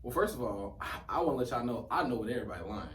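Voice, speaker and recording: A man's voice: mid-range voice, lively intonation, very fast, a bit bright. A man talks bluntly and animatedly, swearing freely and laughing through his words. His voice has a roomy echo and sits a little distant from the mic. A faint hiss runs underneath. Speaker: musician guest. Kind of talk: casual interview chat.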